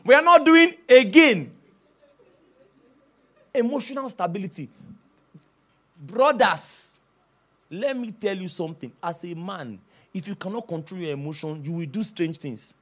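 Lively high-voiced male preacher. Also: normal speed, pauses often. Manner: animated storytelling, shouting and laughing. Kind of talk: sermon.

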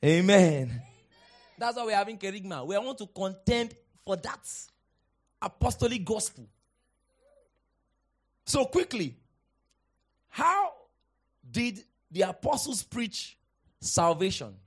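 A male pastor preaching a sermon, swinging from hushed teaching to shouted exhortation and quoting scripture in dramatic old-fashioned wording. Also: sits high, big pitch swings, slow pace, long pauses.

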